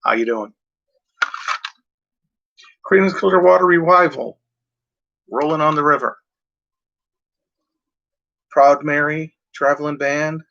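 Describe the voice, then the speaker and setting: A man's voice: fairly high pitch, slow, creaky, pauses often, bright, forceful tone. A man hosting his own video in casual talk to camera, rambling and hesitant, with many fillers and self-corrections. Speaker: video host. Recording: dull lo-fi sound.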